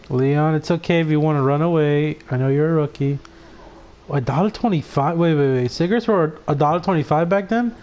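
A man giving excitable, laugh-filled let's play commentary, swearing freely as he reacts to the game. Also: on the high side, normal speed, long pauses, slight background noise. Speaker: gaming commentator.

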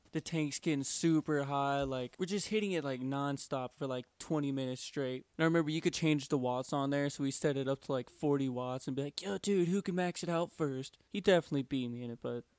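Young guy doing a storytime vid, lots of like and dude and swearing, smooth clear voice, dry close mic. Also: medium pitch, darkish tone, dry recording. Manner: slangy, profane, keeps saying like and dude. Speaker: vlogger. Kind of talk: casual storytime.

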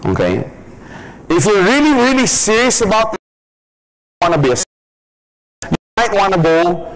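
A man's voice: fairly high pitch, slight background noise, low-quality recording. A man giving a casual training talk who jokes and laughs often. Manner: casual, joking, laughs often, many "you know". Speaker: business trainer.

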